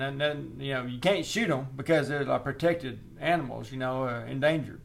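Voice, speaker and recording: A man's voice: medium pitch, normal speed, creaky, hardly any pauses. A man telling a long joke in a rambling, folksy way. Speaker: storyteller.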